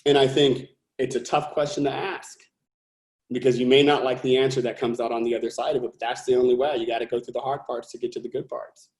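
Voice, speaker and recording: Interview guest: an earnest, emphatic man with a mid-pitched voice, roomy echo on the recording. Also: flat delivery, quick pace, a little mellow. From California, USA. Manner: earnest, emphatic, thinking aloud with restarts. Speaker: company founder and CEO, guest. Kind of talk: podcast interview.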